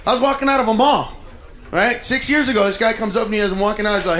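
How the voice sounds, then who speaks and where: A man doing a profane, brash stand-up routine on a comedy club stage, often shouting his punchlines. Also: high-pitched, fast talker. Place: comedy club stage before a laughing crowd. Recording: echoey club, loud crowd laughter.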